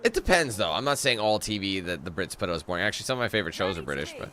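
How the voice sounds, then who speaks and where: A man's voice: deep voice, expressive, very fast, hardly any pauses, bright, forceful tone, slight background noise. A Canadian man giving casual gameplay commentary, chatty and loose, swearing casually as he plays. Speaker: gaming commentator.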